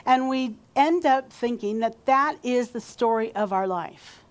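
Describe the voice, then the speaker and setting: A woman's voice: a little high, measured pace. A woman pastor giving a sermon in a church, talking conversationally and leading the congregation in call-and-response. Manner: warm conversational preaching, leads call-and-response. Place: church sanctuary.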